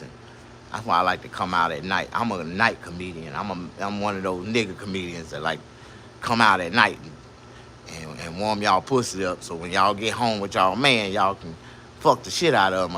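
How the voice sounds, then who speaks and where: A male comedian telling crude, boastful stories full of profanity, often jumping into a much higher voice. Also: slight background noise. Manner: animated, with sudden jumps to a high voice.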